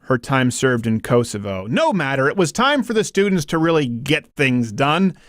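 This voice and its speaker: A man's voice: medium pitch, big pitch swings, moderate pace, a bit bright. A man giving sarcastic voice-over narration in a dry, mocking tone.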